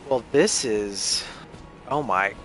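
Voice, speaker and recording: A man's voice: lowish voice, takes it slowly, soft background music. A young man, chatting casually to viewers while playing a game. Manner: chatty, excitable, talks to viewers as y'all. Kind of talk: casual gameplay commentary.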